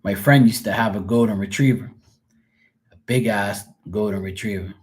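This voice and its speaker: A middle-aged man hosts a live stream, chatting casually and rambling through stories while voicing the people in them. His voice is on the low side and darkish, with fairly even intonation and a moderate pace.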